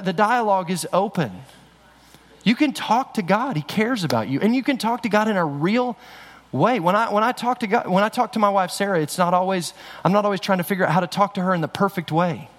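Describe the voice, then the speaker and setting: A man's voice: high-pitched, expressive, brisk. A middle-aged man preaching a sermon in a church, talking conversationally with frequent restarts. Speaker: pastor. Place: church sanctuary. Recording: long hall reverb.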